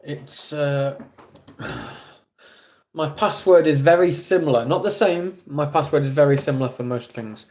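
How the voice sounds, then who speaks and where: A man's voice: a little high, a little slow, a little mellow. A man with an English accent streaming live, chatting casually with viewers in a rambling, self-deprecating way.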